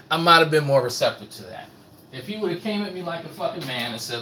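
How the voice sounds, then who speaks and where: A man's voice: a little high, expressive, fairly quick, fairly bright tone, a little hiss or hum, low-quality recording. A man ranting in casual commentary, profane and mocking. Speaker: commentary host.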